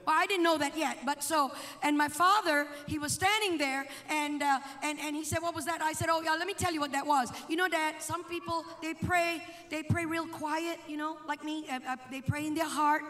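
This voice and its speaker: A woman preaching a sermon, telling a story dramatically, swinging from hushed asides to shouted exhortation. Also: high-pitched, steady tone, normal speed, few pauses. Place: church sanctuary. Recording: long church hall reverb.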